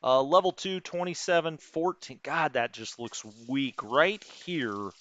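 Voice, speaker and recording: A man's voice: on the high side, animated, a little slow, fairly bright tone, dull audio. Chatty man thinking aloud over a wargame. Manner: thinks aloud, muttering over unit numbers; chatty with live chat, reads out comments. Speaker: strategy game streamer. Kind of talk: live-streamed wargame let's play.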